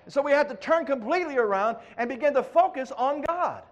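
A middle-aged male preacher with a very high voice, delivering an animated sermon. He swings from loud, pleading acted-out prayers to low, hushed asides. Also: a little fast, muffled recording.

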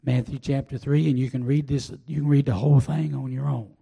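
An older man preaching a sermon, telling a personal testimony in a folksy, drawn-out way. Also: mid-range voice, fairly even intonation, gravelly, dark tone, slightly rough. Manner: folksy storytelling, drawn-out pauses. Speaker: pastor.

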